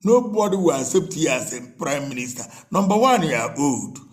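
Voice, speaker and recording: A man's voice: mid-range voice, animated, brisk, a little mellow, faint music behind. A man giving a mocking, repetitive political rant, stammering at times and slipping into Igbo. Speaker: political commentator. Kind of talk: ranting commentary.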